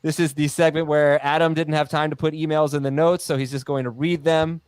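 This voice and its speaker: A man's voice: a little high, little pitch movement, fairly quick, darkish tone, clear, resonant tone, dry recording. A man hosting a casual sports podcast, joking around and reading listener emails aloud with laughs. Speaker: podcast host.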